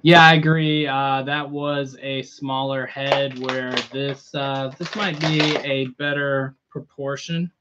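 A man live-streaming a toy unboxing in a relaxed, chatty way, greeting viewers by name. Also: mid-range voice, takes it slowly, few pauses, lo-fi sound, background noise. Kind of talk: casual live-stream chat.

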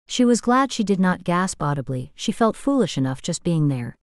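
A woman reading an audiobook in a steady, measured way as scripted narration. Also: on the low side, dry recording, clean studio sound.

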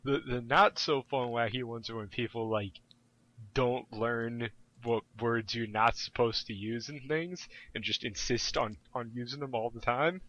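A young man tells a story in casual podcast chat, swearing freely and keeping it lively. His voice sits at a middling pitch, and the recording is dull and lo-fi. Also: measured pace. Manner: animated, profane storytelling. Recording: dull lo-fi audio.

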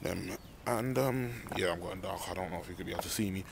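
With background noise around him, a young man talks fast in a low, gravelly voice. He's a vlogger walking home through a car park at night, ranting and rambling animatedly into his handheld phone.

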